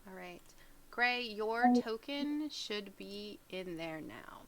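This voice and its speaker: Casual game master, soft asides. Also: mid-range voice, expressive, slow, a little hiss or hum. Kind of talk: running a tabletop game.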